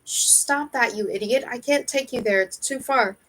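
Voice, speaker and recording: A woman doing a hushed, hissing skeletal ferryman. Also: a little high, moderate pace. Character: huge skeletal male ferryman, gruff and secretive.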